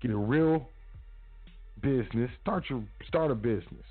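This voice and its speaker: Soft music plays behind a man speaking at a moderate pace in a medium pitch. He's a podcast host giving a motivational talk, casual yet preachy and full of repeated urging, and the sound is tinny like a phone.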